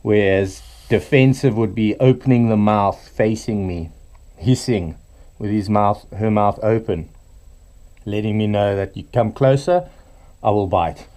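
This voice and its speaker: Low, mellow-voiced man keeper. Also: measured pace. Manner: relaxed, talks softly to the snake. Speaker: reptile keeper. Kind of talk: casual explanatory vlog. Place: indoors at a snake enclosure.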